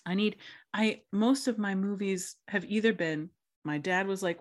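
A woman's voice: mid-range voice, moderate pace. A woman co-hosting a casual chat, telling long stories and laughing often. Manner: chatty storyteller, laughs often. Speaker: podcast co-host.

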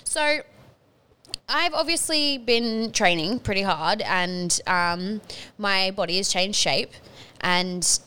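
A woman's voice: mid-range voice, slow pace, pushed and bright, smooth. A young woman, co-hosting a podcast in casual chat, candid and swearing freely. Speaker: podcast co-host.

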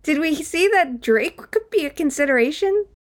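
A woman's voice: high-pitched, animated, moderate pace. A woman co-hosting a sports podcast who rants emphatically and swears freely. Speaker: podcast co-host. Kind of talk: casual chat.

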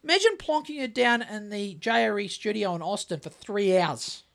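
A man's voice: high-pitched, animated, normal speed, gravelly, fairly bright tone. A man with a New Zealand accent co-hosting a podcast in casual chat, rambling and swearing, with many restarts. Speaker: podcast co-host.

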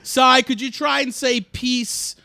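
A man's voice: very high voice, little pitch movement, slow, creaky, pushed and bright, no echo, clean studio sound, pitched above the performer's own voice, exaggerated voice. A man voicing a fussy male film director who halts takes and coaxes his actors. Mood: coaxing.

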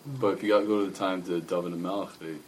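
A man, a student, asking hesitant, halting questions in a class, recorded distant from the mic. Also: low-pitched, fairly even intonation, a little hiss or hum.

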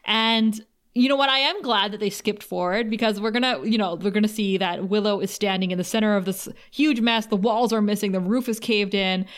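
A woman's voice: medium pitch, fairly quick, smooth. A woman co-hosting a podcast, recapping a TV episode in casual, opinionated chat and often giggling. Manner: opinionated, giggly, reads quotes aloud. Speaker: podcast co-host.

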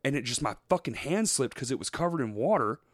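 In casual podcast banter, this co-host is a profane storyteller who laughs often. He speaks fast and expressively at medium pitch.

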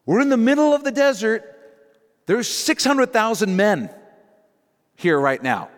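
A male preacher acting out Moses as an exasperated man pleading in disbelief, his voice raised and rushed. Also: high voice, very animated, voice pushed up. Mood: incredulous. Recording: long reverb in a large hall.

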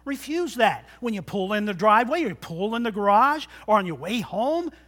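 A middle-aged male pastor preaching a sermon in a church, joking and swinging between loud bursts and quiet asides. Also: high voice, big pitch swings, a little fast. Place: church sanctuary.

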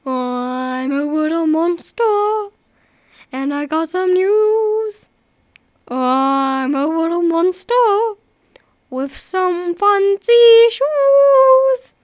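A woman voicing a fat, playful little male monster who lives under a bed, chanting in a slow sing-song. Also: very high voice, animated, no room sound, clean studio sound, pitched above the performer's own voice, full character voice.

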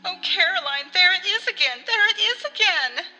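A woman voicing a frantic, frightened middle-aged spinster sister who wails high and breathless with fear. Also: animated, fairly quick, pushed and bright, full character voice. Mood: terrified. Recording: long reverb with faint music.

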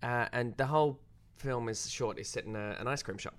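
Lively young Australian man telling a story. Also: a little fast, clear, resonant tone. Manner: animated, self-deprecating, jumps pitch when quoting. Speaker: filmmaker guest. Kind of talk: casual storytelling.

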